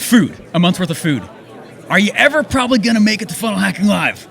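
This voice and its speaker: A young man giving an energetic, excitable motivational talk to an audience on a handheld microphone, often tagging his points with "okay?". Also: sits high, creaky, some chatter behind. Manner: energetic, excitable, fast-talking with frequent "okay?" tags. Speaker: event speaker.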